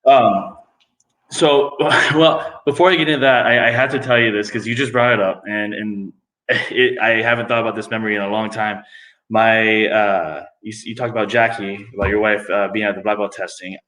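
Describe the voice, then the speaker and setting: A lower-voiced middle-aged man talks through his story as a podcast guest, his voice bouncing around a roomy space. He is casual and lively, with lots of fillers and restarts. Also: normal speed. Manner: animated, jumps into high voices for quoted people. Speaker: interview guest. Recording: echoey room.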